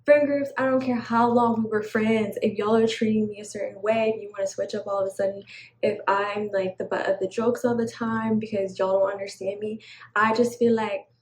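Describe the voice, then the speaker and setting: A woman's voice: mid-range voice, level tone, a little fast. A woman giving casual advice straight to camera, chatty and slangy, often laughing, on a poor-quality recording. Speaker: vlogger.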